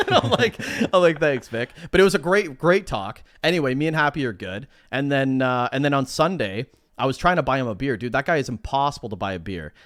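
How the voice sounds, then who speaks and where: A man's voice: medium pitch, lively intonation, a little fast, few pauses, fairly bright tone, dry recording, clean studio sound. A man co-hosting a casual podcast, telling stories animatedly, acting out both sides of conversations and swearing freely. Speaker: podcast co-host.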